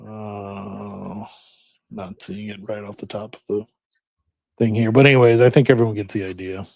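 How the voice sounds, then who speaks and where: A man's voice: fairly low pitch, steady tone, normal speed, creaky, darkish tone, no room sound. Hesitant man, dry close sound. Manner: hesitant, many ums, looking things up while talking. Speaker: podcast co-host. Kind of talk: casual podcast chat.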